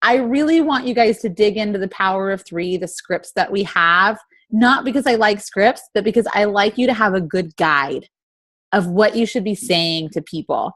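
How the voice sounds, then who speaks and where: A woman's voice: medium pitch, moderate pace, a bit bright. A woman in her thirties leading a motivational team call over video chat, full of rhetorical questions. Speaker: team leader.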